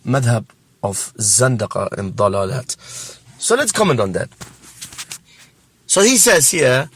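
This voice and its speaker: A man's voice: mid-range voice, fairly bright tone, breathy edge, no room sound. A man hosting a religious reaction show, giving scornful commentary and laughing mockingly between remarks.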